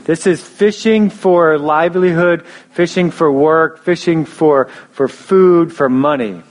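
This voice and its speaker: A man's voice: a little high, slow. Casual young male preacher, restarts. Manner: casual storytelling with many restarts and fillers. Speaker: pastor. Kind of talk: sermon.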